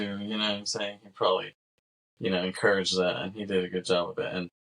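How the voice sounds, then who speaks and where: Laid-back low-voiced man hosting a podcast. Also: level tone, quick pace, fairly bright tone. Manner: laid-back, laughs often, acts out quoted lines. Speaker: podcast host. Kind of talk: casual movie podcast chat.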